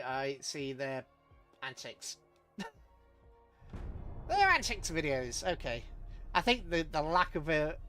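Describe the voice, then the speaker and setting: A man's voice: a little high, fairly bright tone. Chatty man streaming a game. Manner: chatty, chuckling, talks to chat. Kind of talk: live gameplay commentary.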